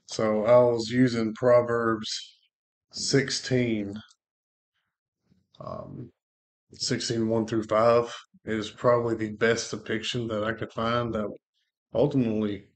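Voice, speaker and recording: A man co-hosting a faith podcast, telling a personal testimony as a lively storyteller who acts out what people said. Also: fairly low pitch, slow, long pauses. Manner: lively storyteller acting out quoted dialogue. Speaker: co-host sharing a testimony.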